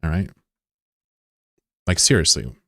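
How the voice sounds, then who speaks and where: Low-voiced rambling male game streamer. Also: animated, a little slow, gravelly, sharp tone, no echo, studio quality. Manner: rambling, curious, filler-heavy and profane. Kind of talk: casual chat with viewers while gaming.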